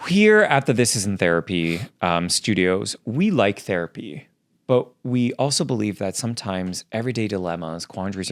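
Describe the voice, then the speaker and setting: Man, podcast co-host, goofy teasing banter, low voice, dry close sound. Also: a bit bright, no echo. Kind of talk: casual podcast chat.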